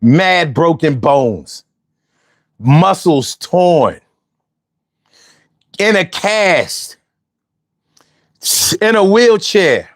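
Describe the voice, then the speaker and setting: A man's voice: on the high side, big pitch swings, very slow, pauses often. A man hosting a casual livestream, talking in slang and repeating phrases for emphasis. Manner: slangy, peppers speech with "yo". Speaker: livestream host.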